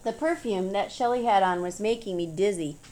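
A woman's voice: mid-range voice, brisk, mellow. A woman reading a story aloud in an easygoing, storytelling manner, as audiobook narrator. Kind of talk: scripted narration.

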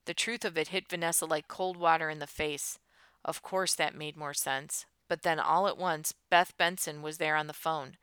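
A woman narrating a tense audiobook in a steady storytelling voice. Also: low voice, moderate pace, clear, resonant tone, dry recording.

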